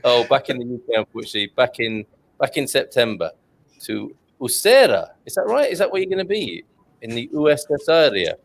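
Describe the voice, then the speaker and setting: Male host, casual banter on a video call, animated delivery, quick with a joke. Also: mid-range voice, vocal fry, a little hiss or hum. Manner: jokey, reads out chat comments, laughs often. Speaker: host of an online chat show.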